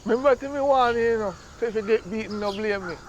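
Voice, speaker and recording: A man's voice: high voice, fast talker, highs cut off, noisy background, lightly acted. A man playing a playful, bragging young Jamaican boy.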